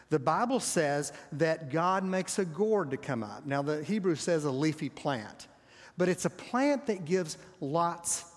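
Male preacher, husky, slightly high voice, storytelling sermon that sinks to near whispers; long hall reverb.

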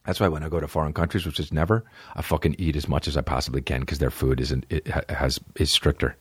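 A man in his thirties hosting a podcast on his own, chatting in a rambling, profane way and breaking into high, silly voices. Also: steady tone, fast talker, slightly rough, no room sound. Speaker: podcast host. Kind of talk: casual solo podcast chat.

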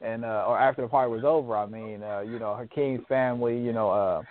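A man's voice: medium pitch, steady tone, a little fast. A man in casual chat about a favorite movie, laughing often and quoting lines in raised voices. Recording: phone-like narrow sound.

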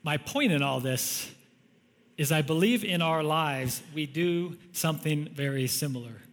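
A man's voice: fairly high pitch, unhurried. Man preaching in a reverberant hall. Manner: conversational, storytelling with frequent chuckles. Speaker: pastor. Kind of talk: sermon.

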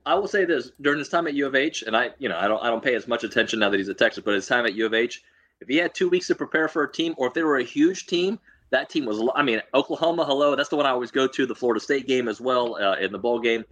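A young adult man co-hosting a casual sports chat, joking and animated, teasing rival fans. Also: medium pitch, fast. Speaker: co-host.

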